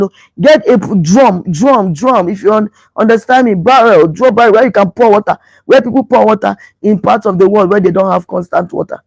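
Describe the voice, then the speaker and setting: A woman's voice: on the high side, a little mellow, no room sound, rough recording. A middle-aged woman pastor, preaching about relationships emphatically and repeating phrases to drive them home. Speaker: pastor and show host.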